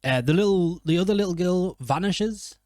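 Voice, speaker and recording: With a high, slightly mellow voice at a moderate pace, this man offers loose, jokey film commentary and frequently fixes his own sentences partway through. The recording is dry.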